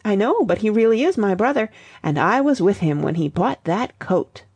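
A woman's voice: mid-range voice, sing-song, moderate pace, a little mellow, slightly rough, no room sound. A woman voicing Sally, a witty young woman who mocks her brother in a playful, lightly theatrical way. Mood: teasing.

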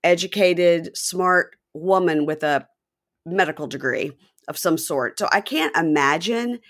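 A woman from the Deep South, co-hosting a podcast and joking through a casual recap. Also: unhurried. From American Deep South. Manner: animated, joking, lively asides. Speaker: podcast co-host.

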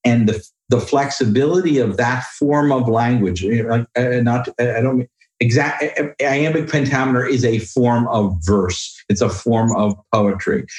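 A man's voice: mid-range voice, moderate pace, darkish tone, roomy sound, low-quality recording. A man being interviewed, talking in a hesitant, thoughtful way and reciting verse with feeling. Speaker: guest. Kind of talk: conversational interview.

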